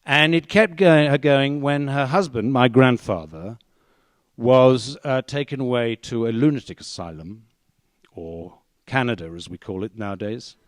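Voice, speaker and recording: Male storyteller, mid pitch, dry close sound, wry comic delivery. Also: a little slow, no echo. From England. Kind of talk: live storytelling performance.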